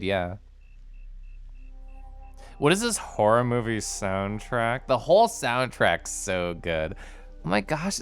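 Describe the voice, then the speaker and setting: A man's voice: mid-range voice, clean tone. A man streaming a game, chatting casually in a bubbly, giggly, theatrical way. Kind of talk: casual livestream chat over gameplay.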